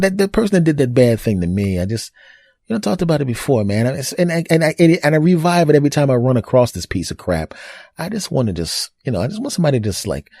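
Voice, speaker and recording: A man's voice: fairly low pitch, a little mellow, no room sound, clean studio sound. A man, likely middle-aged, hosting a comedic solo podcast and talking in a rambling way full of restarts and asides. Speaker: podcast host.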